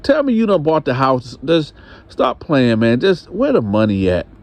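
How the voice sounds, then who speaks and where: A man voicing a hurt truck-driving husband who pleads, then speaks slow and cold. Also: mid-range voice, huge pitch swings, pitched above the performer's own voice. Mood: pleading. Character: hurt, bitter working husband, truck driver.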